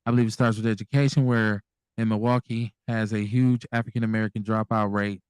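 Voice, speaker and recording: Blunt, animated male radio host. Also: on the low side, a little fast, clean tone, dry recording. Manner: candid, blunt, animated with profanity. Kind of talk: casual call-in radio talk.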